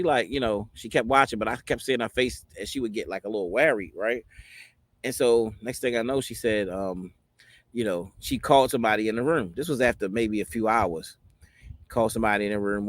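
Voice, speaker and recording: A man's voice: on the low side, no echo. A man in his forties telling a personal story in a rambling way, filling it with many "you know what I mean" asides. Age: 40s. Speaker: host.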